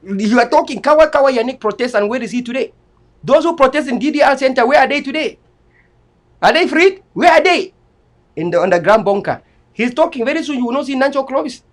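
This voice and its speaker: A man's voice: extremely high pitch, animated, fast. A man hosting political commentary, mocking and firing off rhetorical questions. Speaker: host.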